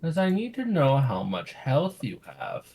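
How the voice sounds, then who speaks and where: A game master runs a tabletop game in an unhurried way, with a voice that rises and falls a great deal. The talk is loose and casual, with frequent laughs. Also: mid-range voice, huge pitch swings, mellow.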